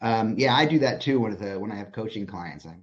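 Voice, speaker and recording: A man who is a designer and author, talking as a podcast guest. He tells stories in an animated way and swears freely. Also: lowish voice, a little fast. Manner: animated, profane storyteller. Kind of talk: casual podcast conversation. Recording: slightly dull lo-fi audio.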